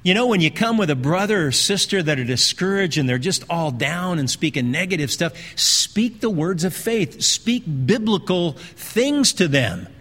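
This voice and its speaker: A male pastor preaching a sermon in a conversational way, slowing down and repeating phrases for emphasis. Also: high-pitched, animated, a bit bright. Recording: long hall reverb.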